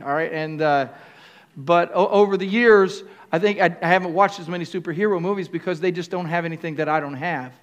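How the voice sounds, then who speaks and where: High-voiced older man preaching. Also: highs cut off. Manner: call-and-response with the congregation; halting, with restarts and fillers. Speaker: pastor. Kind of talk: sermon.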